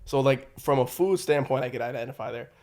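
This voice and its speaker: A man with a New York accent talks as a podcast guest in a relaxed, conversational way. His speech is halting and full of fillers and restarts. His pitch sits in an ordinary middle range for a man. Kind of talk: casual chat.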